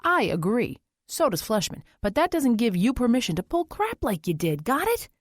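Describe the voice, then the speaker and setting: A woman's voice: on the high side, very animated, normal speed, no room sound, studio quality, voice pushed up. A woman voicing a stern male defense attorney who barks orders like a drill sergeant. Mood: stern, commanding.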